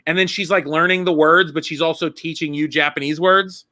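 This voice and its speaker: A man chatting as a guest on a live comedy stream, telling stories excitedly and laughing often. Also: fairly high pitch, brisk, no room sound, clean studio sound. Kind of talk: casual chat.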